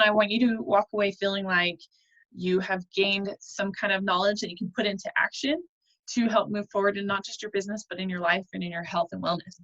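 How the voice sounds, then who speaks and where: A woman in her thirties speaks as host of a business mastermind call, earnest and conversational, leaning on ums and uhs. Her voice sits in an ordinary middle pitch. The call audio comes through a bit dull and lo-fi. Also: a bit bright. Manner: earnest and chatty, with many fillers. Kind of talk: casual motivational talk.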